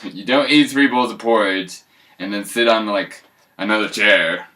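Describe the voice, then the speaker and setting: A man's voice: lowish voice, normal speed, sharp tone. A man casually retelling a fairy tale, rambling with joking asides.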